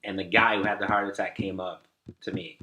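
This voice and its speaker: Brief: male podcast guest, lowish forceful voice, rambling storyteller full of fillers, echoey room. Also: little pitch movement, a little fast, a little hiss or hum. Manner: rambling, many "like" fillers, acts out quoted dialogue. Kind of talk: casual storytelling.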